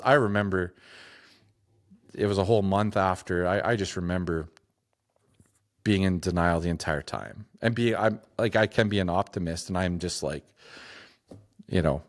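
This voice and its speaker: Deep-voiced guy from the prairies telling a story on a podcast, lots of restarts and "like". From Saskatchewan, Canada. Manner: halting, many restarts and "like" fillers, reflective. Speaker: podcast guest. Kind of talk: personal storytelling in a conversation.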